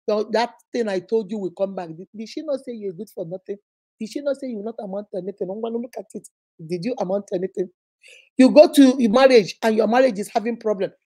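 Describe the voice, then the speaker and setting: Nigerian woman, advice host, mellow higher voice, preachy, speaks straight to viewers. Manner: emphatic, preachy, addresses viewers directly. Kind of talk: livestream advice talk.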